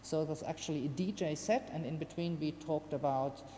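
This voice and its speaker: A woman giving a casual, halting presentation of a radio art project, with many fillers. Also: low voice, warm tone. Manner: hesitant, many fillers and restarts. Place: venue hall. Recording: long hall reverb, faint background noise.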